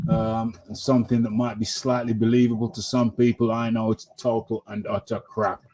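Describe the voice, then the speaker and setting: A man's voice: medium pitch, darkish tone. A man hosting a live boxing talk show, riffing in a slangy, repetitive way.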